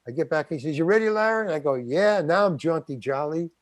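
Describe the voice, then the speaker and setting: A man's voice: fairly high pitch, expressive, fast, few pauses, no room sound. An older man, a guest actor, telling a story in an interview and acting out the quotes. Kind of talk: anecdotal storytelling.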